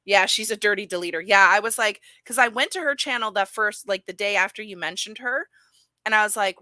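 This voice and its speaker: A woman's voice: mid-range voice, fairly quick, sharp tone, no echo. Giggly woman streaming with a dry mic. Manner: chatty, giggly, rambling with many fillers. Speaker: streamer reviewing videos. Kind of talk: casual live-stream commentary.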